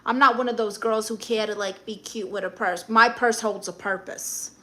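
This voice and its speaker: A woman's voice: mid-range voice, fairly even intonation, moderate pace, bright, forceful tone, slight background noise. A middle-aged woman with a Brooklyn accent, hosting a live stream and reading chat comments aloud with blunt, sassy comebacks.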